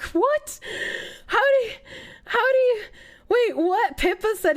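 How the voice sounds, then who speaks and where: A woman's voice: high-pitched, very animated, unhurried. A woman streaming live, reacting in a sarcastic, incredulous and profane way with frequent laughs. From United States. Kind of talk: casual livestream reaction.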